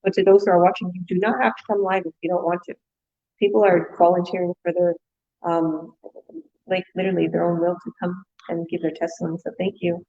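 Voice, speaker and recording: A woman's voice: lowish voice, level tone, brisk, mellow, lo-fi sound. Upbeat woman hosting an online chat. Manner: upbeat, rambling and encouraging. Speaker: host. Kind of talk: casual chat.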